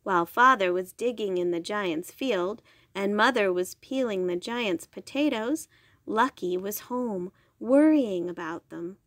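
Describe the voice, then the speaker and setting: A woman reading a bedtime story aloud, slowly and gently. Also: mid-range voice, expressive, no room sound, studio quality. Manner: slow, gentle, clear.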